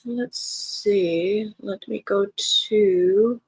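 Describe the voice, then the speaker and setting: Very slowly and with fairly even intonation, an American woman hosts a live reading sprint, casually chatting and reading the chat aloud with bright lifts in a friendly manner. Her medium-pitched voice is slightly rough, and the recording is dry.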